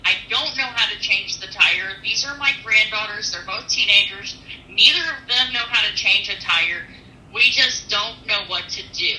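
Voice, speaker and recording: Earnest woman trucker telling her story, bright voice, sounds far off in a roomy space. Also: mid-range voice, normal speed, a little hiss or hum. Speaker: truck driver. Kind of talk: storytelling testimony.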